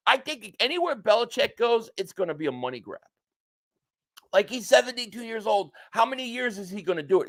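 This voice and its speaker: A man hosting a live sports reaction stream, reading viewer super chats aloud and ranting bluntly, with some swearing. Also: sits high. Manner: excitable, blunt, ranting, profane.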